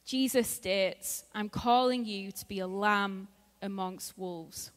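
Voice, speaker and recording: A woman's voice: mid-range voice, takes it slowly. A woman giving a sermon in a church in a conversational way, laughing often and acting out what her friends said. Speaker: preacher. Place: church hall. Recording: long hall reverb.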